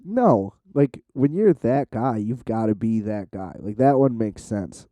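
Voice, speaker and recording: Speaking a little slowly but animated, a young vlogger rambles to the camera through a close mic in a dry recording. His voice is very dark, mellow, smooth and a little low; his talk is loose and profane, packed with "like" and restarted sentences.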